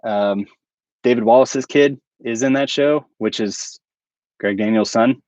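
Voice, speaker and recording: A man's voice: medium pitch, unhurried, a little mellow, dry recording, muffled recording. A man hosting a casual livestream and chatting with viewers. He rambles and chuckles at his own jokes. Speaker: channel host.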